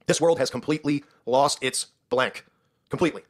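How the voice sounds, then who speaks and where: A man's voice: medium pitch, fairly quick. A man hosting his own commentary show, ranting in an indignant, sarcastic way and often tagging lines with "right?".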